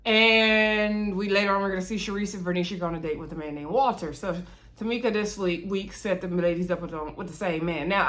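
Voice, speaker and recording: This is a woman casually recapping a reality TV episode. She talks in a chatty, gossipy way and throws sassy asides into the story. Her voice rises high for emphasis, then drops low for dry comments. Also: a bit bright. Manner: chatty, sassy asides, big pitch swings.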